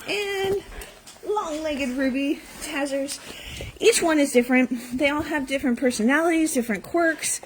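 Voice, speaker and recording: A woman's voice: high voice, moderate pace, noisy background. A woman who runs an animal rescue, talking casually to her phone camera in a barn full of dogs. She speaks affectionately to the dogs and laughs often. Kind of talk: casual morning vlog. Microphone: handheld phone camera.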